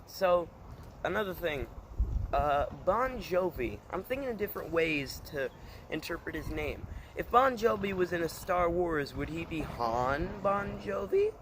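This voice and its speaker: A man with a somewhat high voice talks casually to his channel, rambling and hesitant with plenty of fillers. He delivers corny puns in a deadpan way, over clear background noise. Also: unhurried. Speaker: channel host. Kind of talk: casual vlog chat.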